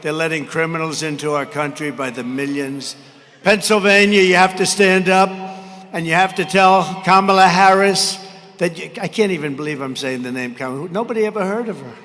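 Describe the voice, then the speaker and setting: Older male candidate, brash and rambling, rather high-pitched, speaking into a podium mic in an echoing arena with faint crowd noise. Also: fairly quick. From United States. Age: 70s. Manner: brash, rambling, with mocking asides and shouted lines. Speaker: political candidate at a rally. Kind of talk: campaign rally speech. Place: large arena.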